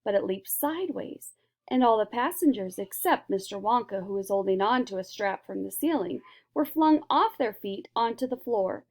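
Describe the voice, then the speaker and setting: A woman reading a children's book aloud in a lively storytelling manner. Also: mid-range voice, moderate pace. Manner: lively, switches into character voices. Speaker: reader.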